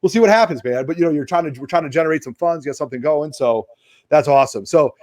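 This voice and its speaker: A man with an East Coast American accent, hosting a casual chat and telling stories in a rambling, animated way full of fillers. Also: on the high side, quick pace, dry recording, studio quality. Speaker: host. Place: home studio basement.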